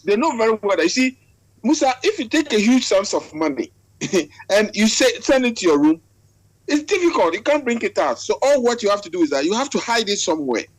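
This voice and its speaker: A man's voice: high voice, no room sound, low-quality recording. A man with a Ghanaian English accent talking heatedly on a video call, repeating himself and calling the other man by name. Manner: impassioned, repetitive, keeps addressing the other man. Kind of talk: online video call discussion.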